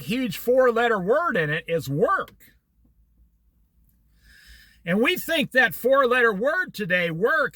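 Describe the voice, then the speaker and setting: A man's voice: very high voice, pushed and bright, dry recording. A middle-aged man in casual talk, rambling from story to story with religious asides. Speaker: vlogger.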